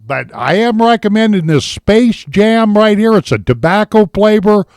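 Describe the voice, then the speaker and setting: An unhurried, high-pitched and animated male voice belongs to a Montana vlogger reviewing vape gear. He rambles folksily through the casual review from home on a webcam and speaks to viewers as ladies and gentlemen.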